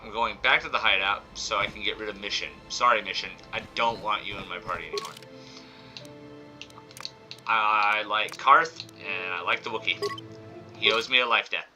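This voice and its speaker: A man's voice: lowish voice, moderate pace, poor audio. Playful, slightly squawky man streaming a game. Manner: chatty, playful, jumps into silly voices. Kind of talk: live gameplay commentary. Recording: game music behind.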